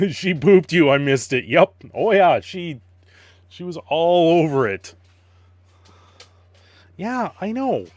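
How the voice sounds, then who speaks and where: A man's voice: on the high side, sing-song, slow, long pauses, dry recording, studio quality. A man casually chatting on a live stream, greeting viewers and playing with his dog, laughing often. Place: home.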